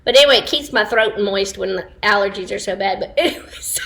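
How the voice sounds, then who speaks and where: This is a woman, talking casually into a phone at arm's length from her home. Her voice sits a little high and rings bright and clear. She laughs easily, drops quick asides and keeps a loose, chatty flow. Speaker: livestream host. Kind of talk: casual chat to online viewers. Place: home, indoors.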